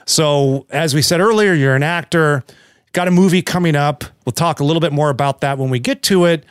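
A man's voice: on the high side, a little fast, smooth, dry recording, studio quality. A man co-hosting a podcast, telling stories in a rambling, joking way. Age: young adult. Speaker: podcast co-host. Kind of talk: casual podcast chat.

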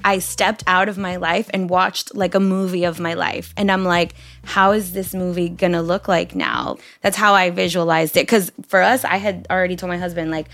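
A woman's voice: fairly low pitch, flat delivery, moderate pace, few pauses, fairly bright tone. A woman hosting a casual interview, chatting and sharing her own experience with sympathetic interjections. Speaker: host.

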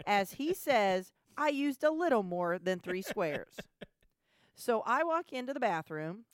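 A woman telling a family story in casual chat, animated, with stammering restarts. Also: mid-range voice, unhurried, no room sound, clean studio sound. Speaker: podcast co-host, mother.

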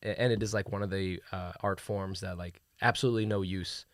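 A man's voice: low-pitched, steady tone, a little fast, no room sound, studio quality. A middle-aged man, hosting a podcast in casual, hesitant chat full of "uh"s and "like"s. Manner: chatty, hesitant, lots of "uh" and "like". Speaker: podcast host.

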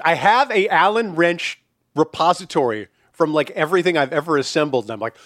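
High, animated man swearing casually. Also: a little fast, no echo, clean studio sound. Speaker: podcast host. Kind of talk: casual chat.

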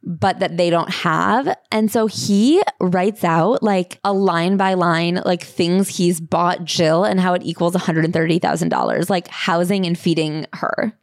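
A woman co-hosting a podcast, recapping a story in quick, animated casual chat and acting out quotes. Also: on the low side, no echo, clean studio sound. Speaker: podcast co-host.

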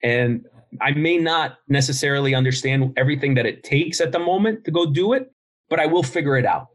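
A middle-aged business founder appears as a podcast guest, telling stories bluntly and swearing freely in a casual interview. His voice is on the high side, fairly quick, with lively intonation.

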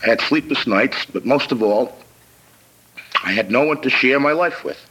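An older man giving formal testimony in a slow, measured way, as if reading a prepared statement. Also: medium pitch, bright, forceful tone, breathy edge, rough recording. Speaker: testifying witness.

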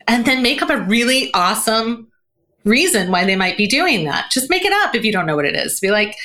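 A woman talking as a guest on a podcast interview, animated and laughing often, with lots of "um" and "you know". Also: a little high, brisk. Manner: animated, acts out quoted voices, laughs often; frequent fillers like "um" and "you know". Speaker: guest, communication coach.

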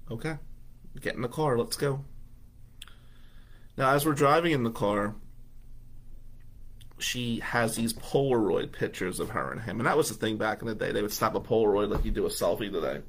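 A man in his fifties from New Jersey, a radio host telling a personal story in an animated, conversational way and acting out the dialogue. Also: fairly low pitch, moderate pace, long pauses.

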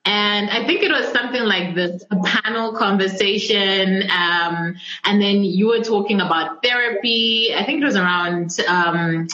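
A woman from Zambia hosting a podcast, chatting casually and excitedly with a guest on a video call, laughing often. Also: mid-range voice, a little slow, hardly any pauses, slight background noise. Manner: gushing, animated, laughs often. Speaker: podcast host. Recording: echoey room, dull lo-fi sound.

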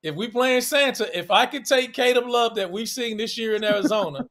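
A man's voice: very high voice, a little fast, a bit bright. A man with a Washington DC accent, co-hosting a casual sports talk show and ribbing his co-hosts playfully. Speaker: podcast co-host.

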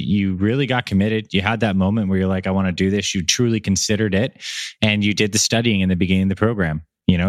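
Low-voiced male podcast host. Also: no room sound, studio quality. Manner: reflective, summarizing, encouraging. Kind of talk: podcast interview.

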